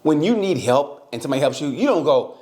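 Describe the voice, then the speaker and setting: This is a man co-hosting a loose comedy podcast. His pitch swings widely as he jumps into the voices of the people in his stories, and it sits on the higher side. He laughs through the tales with easy, chatty energy. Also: fast talker. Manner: animated storyteller, acts out quoted voices, laughs often. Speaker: podcast co-host. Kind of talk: casual comedy podcast banter.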